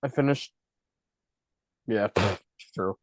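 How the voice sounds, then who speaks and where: A man's voice: on the low side, extremely slow, no echo. A man with a Buffalo, New York accent, co-hosting a podcast in casual chat and hedging a lot as he talks. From Buffalo, New York, USA. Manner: rambling, hedging with lots of fillers. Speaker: podcast co-host. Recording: dry, slightly dull lo-fi sound.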